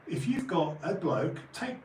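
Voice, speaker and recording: A man's voice: on the high side, big pitch swings, a little slow, distant mic. A man in his late forties talks through an emphatic, rambling opinion piece in a casual monologue. He sits back from the microphone, so his voice carries a roomy echo. A faint background hum runs underneath. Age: 40s. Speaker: channel host.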